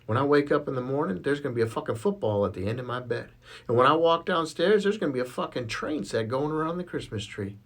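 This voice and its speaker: A man's voice: mid-range voice, animated, fast. A man voicing a cheeky, foul-mouthed young boy who talks cocky and swears casually.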